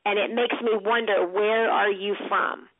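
A woman's voice: mid-range voice, steady tone, unhurried. A woman sales coach giving direct, encouraging feedback and laughing often. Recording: tinny phone line.

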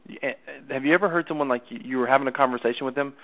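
A man's voice: medium pitch, rapid-fire. A man coaching someone over the phone in a chatty way, often repeating himself and checking that he is understood. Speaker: sales coach. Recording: tinny phone line.

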